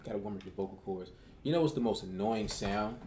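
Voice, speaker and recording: A man from Oakland in a casual chat with friends, telling stories in a playful, animated way. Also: on the low side, fast, echoey room, noisy background. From Oakland, California.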